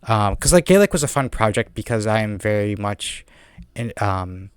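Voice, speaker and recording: A man's voice: on the low side, lively intonation, clean tone, no room sound, clean studio sound. A man with a heavy non-native accent, chatting casually as a podcast host, rambling with lots of fillers and restarts. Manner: rambling, fast talker with many fillers and restarts. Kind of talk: casual chat.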